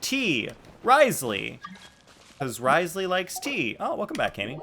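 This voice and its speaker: A man streaming a game, chatting casually and excitably with his viewers. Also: a little high, slow pace, a little hiss or hum. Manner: excitable, jokey, reacting to chat. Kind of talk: casual live-stream chat.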